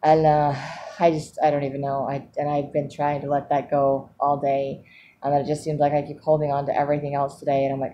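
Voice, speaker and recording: A woman's voice: deep voice, monotone, fairly quick, mellow, highs cut off, slight background noise. A woman talking candidly in a personal video diary, rambling and laughing often as she goes. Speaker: vlogger.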